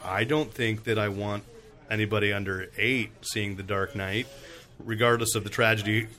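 A man's voice: on the low side, fairly bright tone. A man hosting a casual group podcast, chatty, often laughing and trailing off with fillers. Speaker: podcast host and comic editor.

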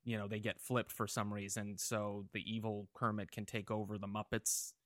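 A man as a podcast guest, telling long stories in a casual, rambling way with lots of restarts and an eager, animated manner. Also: lowish voice, normal speed, dry recording, clean studio sound. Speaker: podcast guest reporting on a fan convention.

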